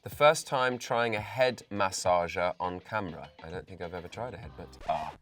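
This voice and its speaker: A man's voice: low-pitched, moderate pace, fairly bright tone. A man in his forties with an English accent, chatting casually and playfully as an interview guest in a studio. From England. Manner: playful and giggly. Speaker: actor and singer guest.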